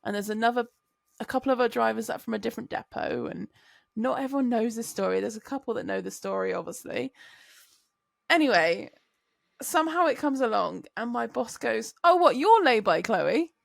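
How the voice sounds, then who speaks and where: Woman, casual storyteller, lively range, dry close sound. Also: a little high, fairly quick, vocal fry, no room sound. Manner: animated, laughing, swears freely. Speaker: podcast co-host, truck driver.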